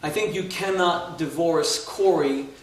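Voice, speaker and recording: A man's voice: fairly high pitch, unhurried. A man speaking on stage in a wry, joking way. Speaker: rabbi and speaker. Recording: echoey hall from far off, faint noise.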